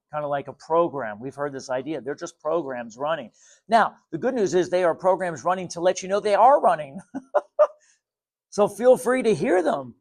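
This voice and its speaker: A man giving a spiritual talk to viewers, calm, repetitive and gently insistent. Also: a little high, gravelly. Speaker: spiritual teacher.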